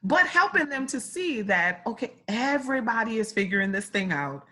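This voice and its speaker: A woman's voice: on the high side, sing-song, normal speed, bright, forceful tone. A woman hosting an interview, asking questions with frequent restarts and summing up her guest's answers. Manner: repeats and restarts, summarizes what guest said. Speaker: interviewer, host. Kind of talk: casual interview conversation.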